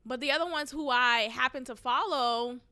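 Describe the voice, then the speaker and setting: Hosting her podcast solo, a young woman chats loosely and without a script at a normal speed. Her high, bright voice is frank; she swears freely and bursts out laughing while venting her frustrations.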